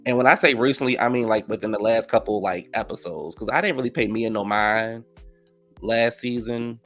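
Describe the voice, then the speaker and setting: A man casually recapping a reality TV episode, gossipy and profane, reacting loudly to the drama. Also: medium pitch, moderate pace, faint music behind.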